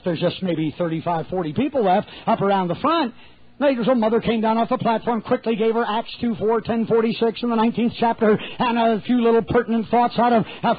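A man's voice: very high-pitched, dry recording. A man preaching a sermon, telling a folksy, humorous story and acting out the voices of its people. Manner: folksy, humorous anecdotes with animated quoted voices. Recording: tinny phone-like, dry, husky.

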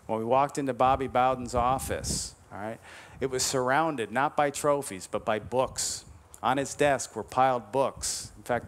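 A man giving a motivational lecture to golf teachers, emphatic, slowing on key advice and tagging his points with "all right?". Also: mid-range voice. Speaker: conference speaker to golf teachers.

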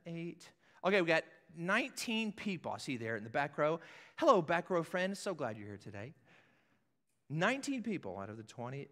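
A man preaching a sermon as pastor, animated and conversational, acting out scripture scenes. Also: mid-range voice. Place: church sanctuary with balcony. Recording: echoey church hall.

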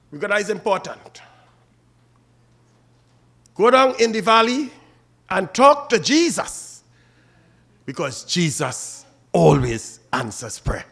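With a high, fairly bright voice edged with vocal fry, a Trinidadian-accented man preaches at a funeral he is leading, calling out to the mourners by name.

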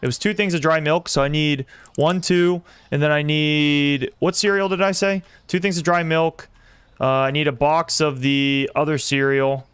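A young man streaming a simulator game, commenting excitedly and talking to his chat as he plays. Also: fairly high pitch, normal speed, smooth, dry recording. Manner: excitable, talks to chat while playing. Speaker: gaming streamer. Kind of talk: live gameplay commentary.

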